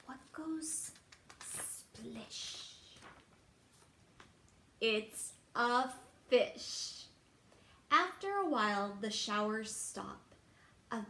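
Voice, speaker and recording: Woman teacher for a storytime read-aloud, playful and animated, in a room with noticeable echo. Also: on the high side, slight background noise. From Texas. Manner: playful and animated, pauses for kids to guess, hushed asides. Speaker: teacher reading to children. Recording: roomy echo.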